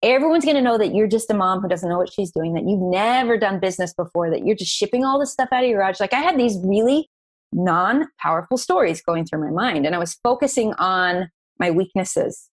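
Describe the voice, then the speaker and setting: A woman's voice: medium pitch, fairly quick. Earnest woman telling her story. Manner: earnest, emotional, animated retelling. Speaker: guest, business founder. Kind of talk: podcast interview storytelling.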